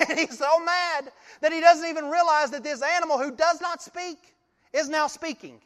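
A male pastor giving a sermon, telling the story in an animated way and often laughing. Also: very high-pitched, normal speed, big-room sound.

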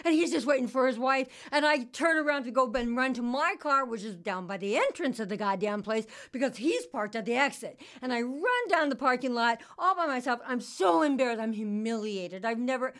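Older woman, halting confessional storyteller. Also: on the high side, animated, fairly bright tone. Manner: halting, confessional, many restarts and repeats. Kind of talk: personal storytelling.

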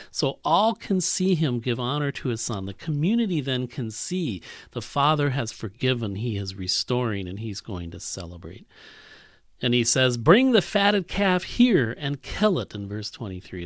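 A man preaching an expository sermon on a Bible passage, emphatic and animated, often trailing off softly at the ends of phrases. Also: mid-range voice, no echo, clean studio sound.

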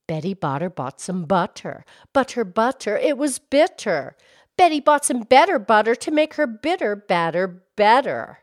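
A woman voicing a gentle, patient cow who cohosts a children's podcast. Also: medium pitch, big pitch swings, normal speed, dry recording, clean studio sound, lightly acted. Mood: calm. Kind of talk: kids' podcast character play.

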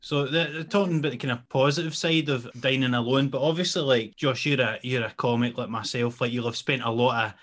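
A man's voice: mid-range voice, fairly even intonation, a little fast, few pauses, fairly bright tone. A Scottish man, a comedian co-hosting a podcast, chatting with dry humour. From Scotland. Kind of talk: casual podcast chat.

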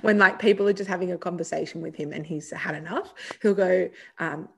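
A woman's voice: lowish voice, quick pace, vocal fry, slight background noise. A woman hosting a podcast as a psychologist, talking in a chatty, casual way, full of fillers and restarts.

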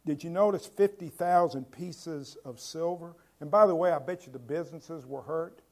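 A male pastor delivers a sermon in a somewhat high, mellow voice. He keeps turning to the congregation with rhetorical questions. He moves between loud, emphatic lines and quiet, low ones. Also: normal speed.

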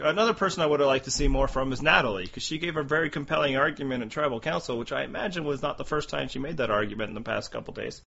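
A man's voice: a little high, vocal fry, a bit bright. A man co-hosting a podcast in casual chat, wry and teasing with strong opinions. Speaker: podcast co-host. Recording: dull lo-fi audio.

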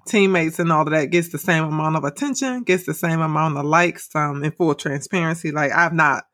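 A woman from Cleveland co-hosting a podcast in relaxed, candid chat. Her voice is bright and clear, recorded dry and close with no room sound. She laughs easily between thoughts. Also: low-pitched, brisk, dry recording. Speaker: podcast co-host. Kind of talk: casual chat.

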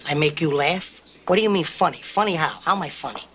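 A man's voice: fairly high pitch, fast, a bit bright, a little hiss or hum, lightly acted. An actor playing a volatile young mobster who needles and confronts the man he is talking to, in a film scene. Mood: menacing.

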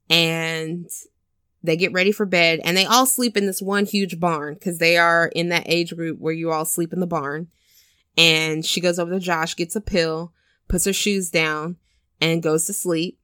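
Loose and chatty, a podcast co-host with a slightly low voice walks through a movie's plot, leaping into the characters' dialogue with animated swearing and laughs. Her audio is dry and close, without any room sound.

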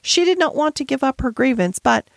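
A woman narrating a classic children's novel as an audiobook in a measured, gentle storytelling manner. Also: high voice, animated, vocal fry, no echo. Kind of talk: scripted narration.

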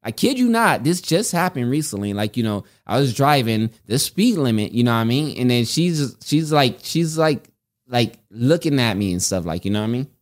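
A man chats on a podcast recorded at home, with a mid-range voice that is neither high nor low. He rambles and often repeats himself. He tells stories in an animated way. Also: normal speed. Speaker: podcast co-host. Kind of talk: casual chat.

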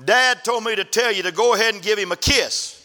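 A preacher putting on a sleepy teasing little sister. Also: male voice, high voice, brisk, in a large hall, background noise, close to an everyday voice. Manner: drowsy, amused.

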